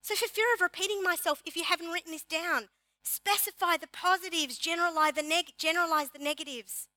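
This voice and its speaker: A woman pastor preaching a sermon in an animated, emphatic way, repeating key phrases for her congregation. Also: very high-pitched, fairly quick, no echo. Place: church.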